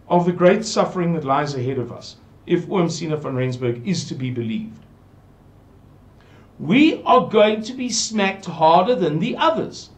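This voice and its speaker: A man giving an earnest, pleading, rambling monologue to his viewers. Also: sits high. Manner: pleading, repetitive, digressive. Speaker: channel presenter.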